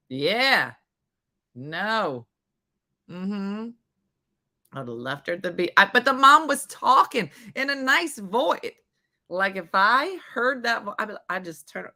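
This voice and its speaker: A woman's voice: mid-range voice, measured pace. A woman hosting a morning show, chatting casually and telling a story with acted-out quotes. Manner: animated storytelling, acts out quoted voices. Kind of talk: casual chat.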